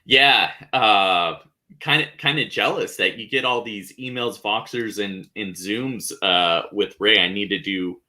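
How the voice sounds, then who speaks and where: Podcast host guy, deep voice but bright and forceful, chill and laughy, lots of ums. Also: measured pace. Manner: relaxed, laughs often, many fillers. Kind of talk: casual chat.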